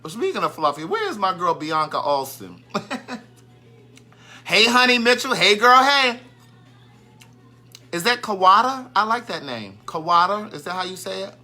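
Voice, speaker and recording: A man's voice: high voice, very animated, moderate pace, sharp tone. A man hosting a casual live stream, chatting and greeting viewers by name, and easily sidetracked.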